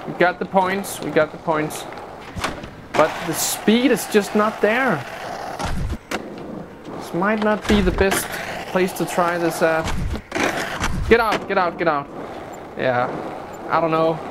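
A man's voice: high voice, slow pace, pauses often. A man commentating a skateboarding game playthrough, talking through his frustration with exclamations and self-mocking asides. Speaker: gameplay streamer. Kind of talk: let's play commentary. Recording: noisy recording.

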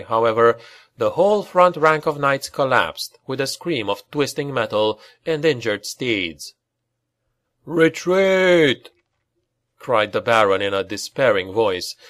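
Grave man narrating dark fantasy. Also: medium pitch. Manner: dramatic, grave storytelling. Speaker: audiobook narrator. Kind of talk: dramatic fantasy audiobook narration.

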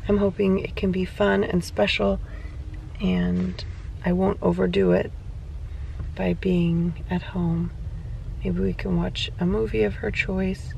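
A woman in her thirties with a Californian accent, softly and affectionately talking through her family's day in a casual home vlog. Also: on the low side, flat delivery, slow, vocal fry, slight background noise. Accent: Californian English. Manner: soft, affectionate, talks through plans. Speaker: vlogger mother.

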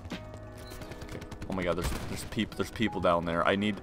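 A young man commentating his own gameplay in a casual, slangy way, muttering to himself and then yelling at the game. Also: deep voice, fairly even intonation, moderate pace. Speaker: gaming video creator. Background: game music and gunfire.

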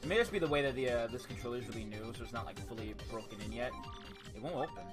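A man's voice: medium pitch, racing, loud music behind the voice. A man streaming a video game, muttering and rambling casual asides to himself. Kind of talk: casual live-stream gameplay chat.

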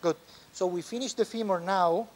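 A man with an Italian accent, a surgeon explaining a knee operation step by step as he works in the operating room, pausing often. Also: high-pitched, a little mellow. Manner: explains step by step, halting with frequent pauses. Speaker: orthopedic surgeon. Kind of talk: live surgical teaching demonstration.

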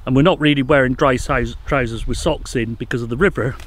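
A man's voice: mid-range voice, fairly quick, hardly any pauses, a little hiss or hum. A man guiding a river trip, explaining outdoors in a thoughtful, hesitant, knowledgeable way. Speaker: paddling trip guide.

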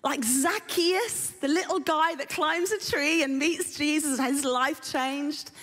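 A woman preaches to a congregation in an easy, conversational way and keeps putting questions to them. Her voice sits fairly high. The sound rings out with a long reverb in a big church hall. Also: a little slow, a bit bright. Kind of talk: sermon. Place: church auditorium.

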